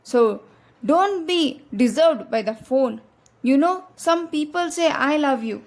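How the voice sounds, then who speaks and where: A woman's voice: high-pitched, lively intonation, slow, darkish tone. A woman giving a religious advice talk, earnest and direct, repeating her key points to her listeners. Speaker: Islamic speaker.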